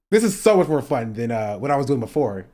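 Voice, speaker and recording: A male streamer reacting live to gaming drama, excitable, laughing and self-mocking. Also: mid-range voice.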